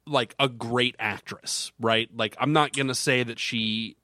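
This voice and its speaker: A man co-hosting a podcast, rambling and animated as he retells film scenes in casual chat. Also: mid-range voice, a little slow, dry recording, studio quality. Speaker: podcast co-host.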